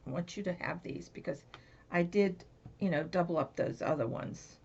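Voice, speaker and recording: Chatty woman crafter with gravelly voice. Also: on the low side, moderate pace, a little mellow, a little hiss or hum. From Florida. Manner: rambling, chatty, many fillers and restarts. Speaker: crafting vlogger. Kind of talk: casual chat. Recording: dull lo-fi home recording.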